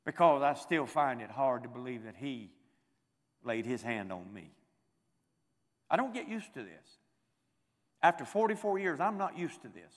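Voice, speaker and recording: A man's voice: mid-range voice, big pitch swings, normal speed, long pauses. Older preacher man, fervent, reverberant hall. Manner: emotional, swings from quiet reflection to loud fervent exhortation. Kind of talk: sermon. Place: large hall at a church camp meeting.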